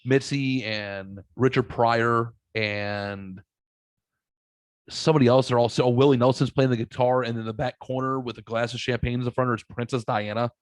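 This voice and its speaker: A man's voice: medium pitch, moderate pace, no room sound. A man hosting a podcast, telling stories in casual chat and swearing freely. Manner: animated storytelling, swears freely. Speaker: podcast host.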